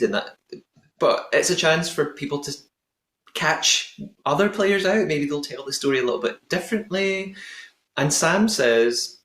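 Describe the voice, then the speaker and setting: A male podcast host talking through a TV episode in an easygoing, chatty way. His voice sits at an ordinary pitch. The room around him rings with echo. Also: moderate pace, a bit bright. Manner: chatty, laughs at own attempted accent. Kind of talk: casual recap chat. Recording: echoey room.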